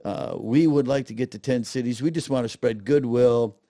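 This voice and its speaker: A man's voice: mid-range voice, moderate pace, no echo, clean studio sound. A middle-aged man, telling stories in a casual interview and acting out the voices of people he quotes. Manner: animated storyteller, acts out quotes. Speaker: guest, festival director.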